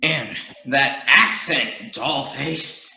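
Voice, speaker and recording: A cocky hard-boiled private eye drawls smug tough-guy lines, as a man plays him in an amateur virtual stage reading. He speaks slowly, in a bright tone. The sound is roomy and echoey, like a home room. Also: mid-range voice, vocal fry, full character voice.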